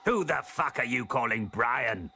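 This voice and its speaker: A man's voice: mid-range voice, animated, unhurried, gravelly, soft background music, heavily acted. A man voicing an angry male hedgehog who has turned into a snarling monster. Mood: menacing. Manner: snarling, shouting insults.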